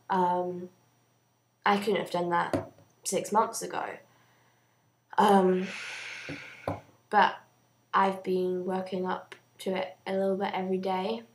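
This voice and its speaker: A young woman chatting casually to camera in a video diary, rambling and filling pauses with "um". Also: fairly low pitch, fairly bright tone, a little hiss or hum. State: out of breath. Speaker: vlogger.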